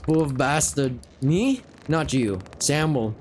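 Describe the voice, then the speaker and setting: A man voicing a gruff, impatient male sailor who barks orders in a brusque, slangy way. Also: on the high side, big pitch swings, slow, darkish tone, slight background noise.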